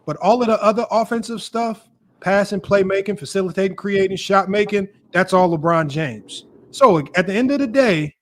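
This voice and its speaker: A man's voice: high-pitched, normal speed, fairly bright tone. A man hosting a heated sports debate, repeatedly cutting in to hold the floor and tally points. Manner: keeps cutting in with "hold on", tallies points methodically. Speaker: debate host.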